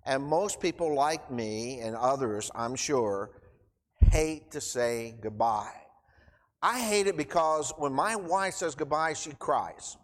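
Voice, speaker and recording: A man's voice: medium pitch, lively intonation, takes it slowly. A middle-aged man giving an informal, emotional sermon in church, choked up and rambling with restarts. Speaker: preacher. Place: church hall. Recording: long church reverb.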